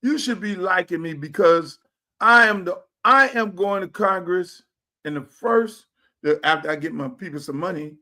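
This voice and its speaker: A middle-aged man, hosting a livestream in a blunt, profane, animated manner. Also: sits high, normal speed. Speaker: host. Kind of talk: casual livestream talk. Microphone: streaming setup.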